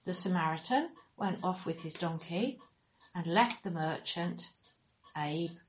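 A woman telling a children's story in an animated, expressive way, acting out the characters and making sound effects. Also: lowish voice, measured pace. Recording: dull lo-fi recording.

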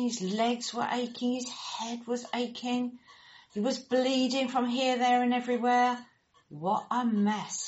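A woman telling a children's story in an animated, expressive way, acting out the characters and making sound effects. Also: a little high. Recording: dull lo-fi recording.

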